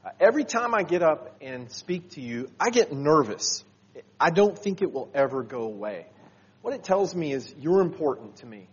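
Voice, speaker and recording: A man preaching a sermon with a husky, somewhat high voice. He talks in an earnest, halting way and often restarts his sentences. The recording sounds dull and lo-fi. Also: sing-song. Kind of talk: sermon to a congregation.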